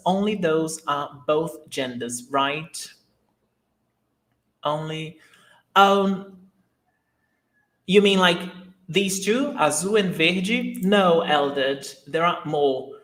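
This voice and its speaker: A man teaches a live online lesson at an unhurried pace. He explains patiently and answers viewers' questions as they come in. His voice carries a roomy echo. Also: on the high side, a bit bright. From Brazil. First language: Portuguese. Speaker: Portuguese teacher.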